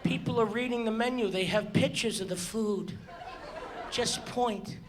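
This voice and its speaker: A man doing a stand-up comedy set on stage, exasperated and ranting, bursting into loud shouts before a live audience. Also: high voice, a little slow, a faint crowd. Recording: live show with audience laughter and noise.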